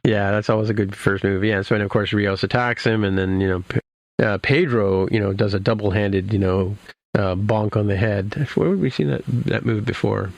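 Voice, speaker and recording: A man's voice: fairly low pitch, steady tone, moderate pace, vocal fry, no echo. A man hosting a podcast, recapping a TV episode in casual chat, rambling with many fillers and restarts. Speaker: podcast host.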